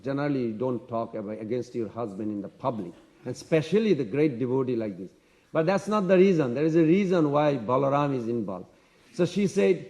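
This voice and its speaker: A man giving a devotional scripture lecture, telling the story in an animated way. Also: medium pitch, a little fast. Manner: storytelling, animated, acts out characters. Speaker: lecturer at a temple class.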